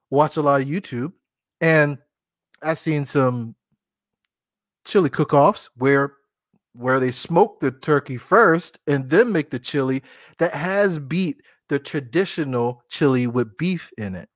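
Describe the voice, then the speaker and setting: A man's voice: fairly high pitch, a bit bright, no echo, clean studio sound. A man hosting a podcast, chatting casually about cooking, joking, laughing at himself and talking straight to his listeners. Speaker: podcast host.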